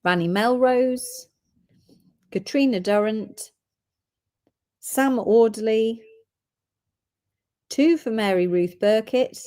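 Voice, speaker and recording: A woman's voice: fairly high pitch, takes it slowly, pauses often, warm tone. A woman hosting a live gem sale, chatting and reading out orders and codes.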